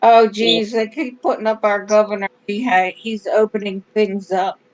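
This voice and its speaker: A woman's voice: medium pitch, level tone, normal speed, rough recording. Woman host reading viewer comments. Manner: reads viewer names and comments aloud. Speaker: livestream host. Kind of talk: casual live chat.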